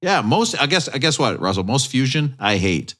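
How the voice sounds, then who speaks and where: A man hosting a music podcast, bantering and cracking deadpan jokes. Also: medium pitch, normal speed. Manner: playful, jokey, deadpan punchlines. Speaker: podcast host.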